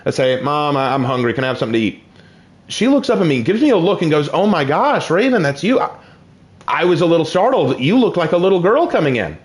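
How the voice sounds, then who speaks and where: A young man casually telling personal stories while playing a game, with excited outbursts. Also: fairly high pitch, fast talker. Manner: lively, shifts from calm to excited outbursts. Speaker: gaming channel host.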